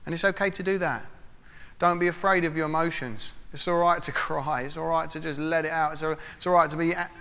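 A man gives a casual, conversational sermon in a fairly high, bright voice. He slips into little voices and spoken prayers as he goes. A long hall echo trails his words. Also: fairly even intonation, a little fast, clear, resonant tone. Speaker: preacher. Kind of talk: informal sermon.

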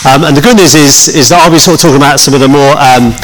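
A man's voice: on the high side, fast, slight background noise. Chatty male pastor in a reverberant hall. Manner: chatty, joking, with many restarts. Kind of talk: conversational sermon. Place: church hall.

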